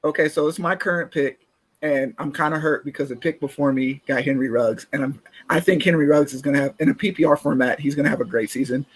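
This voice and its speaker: Chatty man with a slightly high voice. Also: quick pace, slightly rough. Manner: relaxed, chatty, laughs easily, stumbles on words. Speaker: podcast co-host. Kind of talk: casual sports talk, mock draft.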